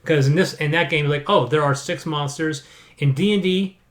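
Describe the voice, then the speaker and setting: A man's voice: on the high side, brisk. A man co-hosting a casual chat, rambling with frequent restarts and repeated words. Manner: sarcastic aside. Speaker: board game podcast co-host.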